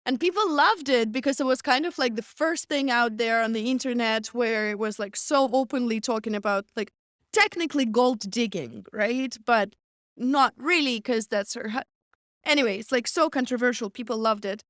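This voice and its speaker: A woman's voice: on the high side, moderate pace, a bit bright, no echo, studio quality. Chatty young woman. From Russia. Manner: chatty, frequent "like", laughs often. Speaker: guest comedian. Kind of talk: casual interview storytelling.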